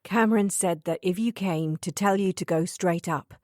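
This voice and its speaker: A woman voicing a stout, polite middle-aged housekeeper with an Estuary London accent, speaking in a flat, courteous way. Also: lowish voice, normal speed, no room sound, clean studio sound, close to an everyday voice.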